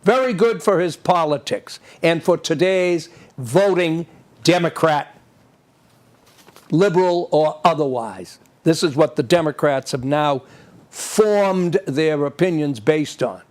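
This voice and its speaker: Guy hosting a tv show, fairly high voice, ranting about politics, lots of scornful questions to the viewer. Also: lively intonation, takes it slowly, darkish tone. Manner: indignant, opinionated, rhetorical questions. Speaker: TV show host. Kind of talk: political commentary monologue.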